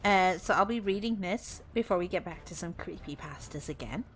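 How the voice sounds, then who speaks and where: A woman's voice: on the low side, expressive, normal speed, faint music behind. A young woman streaming as a VTuber, chatting casually and teasingly with viewers and laughing often.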